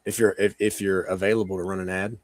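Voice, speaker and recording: A man with a hoarse, sick voice, rambling casually as a co-host on a live-streamed talk show. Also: sits low, little pitch movement, quick pace. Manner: rambling, chatty, many "like" fillers and laughs. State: hoarse, sick with sore throat. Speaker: podcast co-host.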